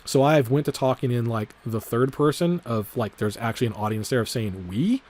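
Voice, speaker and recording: A man's voice: medium pitch, fairly quick, darkish tone. A man giving casual commentary on his trading vlog, rambling and profane, full of filler words and repeating himself. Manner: repeats his disclaimers over and over. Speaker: trading vlogger.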